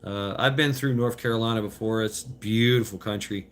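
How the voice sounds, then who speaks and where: Bright-voiced man in his fifties rambling. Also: on the low side, fairly even intonation. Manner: loose, profane, halting with many fillers and restarts. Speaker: vlogger reading viewer chat. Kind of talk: rambling casual live chat. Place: outdoors on a walk.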